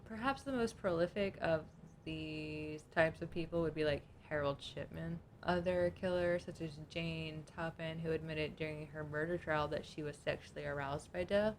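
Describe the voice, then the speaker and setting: A woman's voice: deep voice, steady tone, moderate pace, slight background noise. A young adult woman co-hosting a podcast in casual chat, reading notes aloud in a chatty, informal way. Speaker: podcast co-host.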